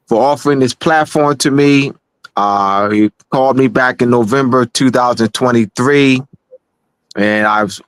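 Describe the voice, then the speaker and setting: A man hosting a livestream show, talking in a halting, animated way with many restarts. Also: mid-range voice, no room sound. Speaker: show host.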